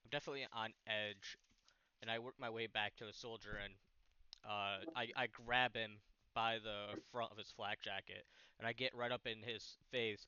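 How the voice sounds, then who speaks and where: A man playing a tabletop game, hesitant and restarting often. His voice is smooth and resonant, and the recording is dry and dull. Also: lowish voice, steady tone, moderate pace, pushed and bright, no echo. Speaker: player. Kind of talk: casual tabletop game play.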